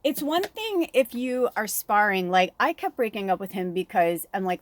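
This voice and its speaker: Middle-aged female medium, animated, frank, laughs a lot; mid pitch, dry room. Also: moderate pace, hardly any pauses, dry recording. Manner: candid, swears freely, laughs often, animated. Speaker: spiritual medium and oracle reader. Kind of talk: rambling personal chat.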